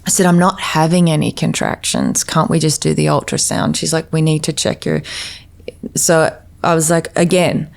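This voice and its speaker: Low, gravelly-voiced woman recounting a loss. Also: expressive. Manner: halting, with frequent restarts. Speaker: podcast guest. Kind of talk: personal storytelling.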